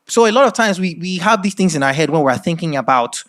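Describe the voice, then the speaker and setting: This middle-aged man from Nigeria speaks fast, with a Nigerian accent and a voice that's a little high, while giving a masterclass lecture. He tells it as animated storytelling, often checking in with "right?".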